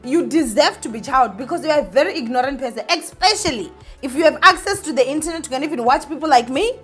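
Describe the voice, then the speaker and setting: A woman's voice: high voice, lively intonation, fast talker, hardly any pauses, faint music behind. A woman giving an opinionated vlog commentary, ranting indignantly and speaking straight to her viewers. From South Africa. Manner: emphatic, repeats points, many fillers. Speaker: entertainment vlogger.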